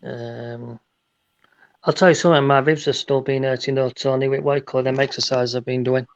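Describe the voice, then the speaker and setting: A man's voice: mid-range voice, flat delivery, moderate pace, clean tone, dull audio. A man telling rambling jokes and stories in a casual chat, often restarting his sentences. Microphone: phone.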